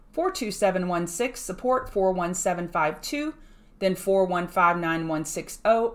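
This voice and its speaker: Chatty woman giving market commentary. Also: medium pitch. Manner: chatty, self-deprecating, lively asides. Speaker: market analyst host.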